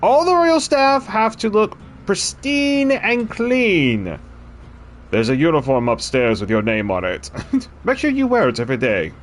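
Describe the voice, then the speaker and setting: A haughty, commanding king lays down the rules of his castle in a grand, pompous manner, as a man puts on the voice. His pitch sits a touch high and swoops widely between lines. A faint hiss runs under the recording. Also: sing-song, unhurried.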